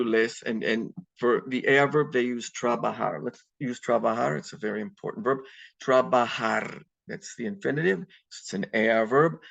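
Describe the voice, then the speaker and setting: A man with a gravelly, creaky voice teaches an online class, patient and methodical, with plenty of ums and restarts. The sound is dull and lo-fi, like a laptop mic on a video call. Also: medium pitch. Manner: patient, step-by-step explaining with many ums. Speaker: Spanish teacher. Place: home at computer on video call.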